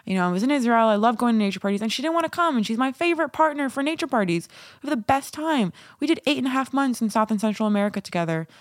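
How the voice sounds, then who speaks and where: A woman's voice: a little high, animated, rapid-fire, no echo, studio quality. A young woman hosting her own podcast, talking openly and rambling, swearing freely and laughing often. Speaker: podcast host. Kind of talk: candid solo podcast talk.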